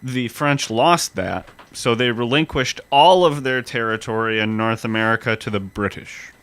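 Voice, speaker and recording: A man's voice: medium pitch, moderate pace, a bit bright, clear, resonant tone. A man co-hosting a casual history podcast, explaining events step by step in a storytelling way. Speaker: podcast co-host.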